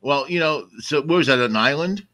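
A man co-hosting a casual comedy podcast, cracking crude jokes in a lively way. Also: a little high, normal speed. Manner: crude wisecracks, lively delivery. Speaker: podcast co-host.

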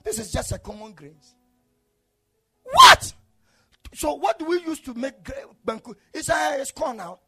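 A male preacher delivering an impassioned sermon, swinging between shouted declarations and low murmurs. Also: big pitch swings, measured pace, long pauses, soft background music.

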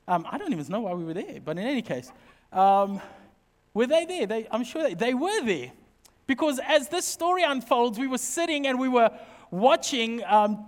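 A middle-aged man preaching a sermon, telling funny personal stories in an animated, joking way. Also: very high voice. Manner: humorous, animated storytelling. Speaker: pastor. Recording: long reverb of a hall.

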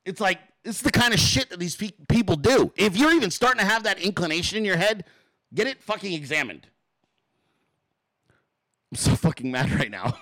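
A man holding forth on his own show, swearing freely as he vents his anger. His voice sits a bit high and pushes hard with a tense, forceful edge. The sound is dry and close, with no room behind it. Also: animated, a little fast, pauses often, no room sound, low-quality recording. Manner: angry, profane, blunt venting. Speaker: show host. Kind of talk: ranting solo talk-show monologue.

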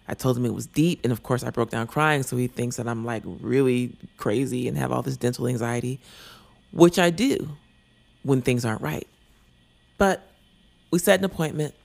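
A man talks through a personal story in an earnest, rambling, confessional way. His voice sits in a middle register with a noticeable gravelly fry. Now and then he sinks to a soft near-whisper. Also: medium pitch.

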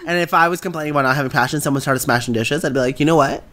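A woman co-hosting a casual podcast, recapping a TV show with swearing, jokes and loud acted-out quotes. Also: deep voice, racing. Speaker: podcast co-host.

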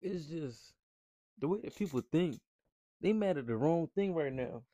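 A man's voice: fairly high pitch, animated, a little slow, mellow, dry recording. A man co-hosting a podcast, trading casual, slangy, teasing banter with his partner. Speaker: podcast co-host.

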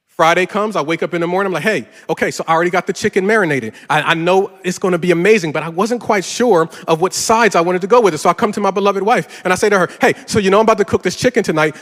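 A middle-aged man, a pastor, preaching a sermon and telling a story with lively, rising energy. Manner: animated, gets louder and higher telling a story. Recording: reverberant hall.

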